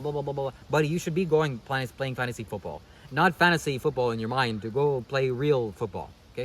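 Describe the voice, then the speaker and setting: A man's voice: mid-range voice, a bit bright, a little hiss or hum, low-quality recording. A man vlogging a casual commentary monologue, sarcastic and preachy, who keeps calling the viewer "buddy" and checking "okay?".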